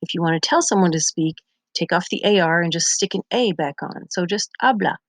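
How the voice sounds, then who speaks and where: A woman's voice: fairly low pitch, a little fast, no echo. A Spanish teacher, a young woman, patiently explaining grammar step by step over her slides in a recorded lesson. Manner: patient, methodical explaining with examples.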